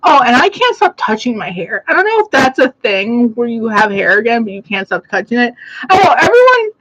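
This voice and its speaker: A woman's voice: fairly high pitch, animated, a little fast, a bit bright, dry recording, low-quality recording. A young woman chatting casually on a livestream from her plant-filled home, rambling with lots of "like" fillers and frequent laughs. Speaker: host. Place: home room full of plants.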